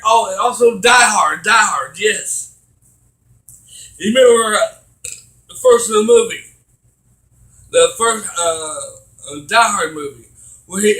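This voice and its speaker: A man giving a casual video game review, rambling and halting with many fillers, getting excitable as he retells scenes. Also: sits high, echoey room, rough recording.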